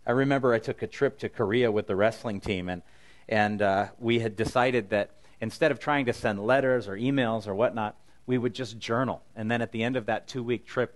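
A man's voice: lowish voice, fairly even intonation, a little fast. A middle-aged man preaching a sermon in an earnest, conversational way, paraphrasing scripture in his own words. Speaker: pastor.

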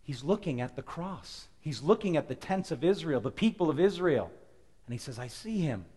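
A male pastor preaching a lively storytelling sermon, moving between loud emphasis and hushed moments. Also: a little high, moderate pace, slightly rough. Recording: long hall reverb.

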